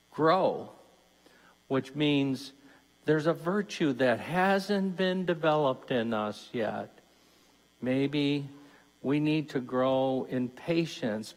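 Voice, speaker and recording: A man giving a conversational Lenten mission talk as a deacon, putting questions to his listeners. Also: on the high side. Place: church. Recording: long church reverb.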